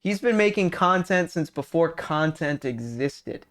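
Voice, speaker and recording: A man's voice: on the high side, a little slow. A man streaming, chatting casually with viewers, rambling, swearing and restarting his sentences. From California. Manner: animated, profane, rambling with many restarts. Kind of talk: casual stream chat reading viewer messages.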